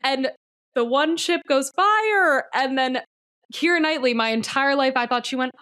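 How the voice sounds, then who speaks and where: High-voiced woman telling an excited story. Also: normal speed, clean tone. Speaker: podcast guest. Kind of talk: casual film chat.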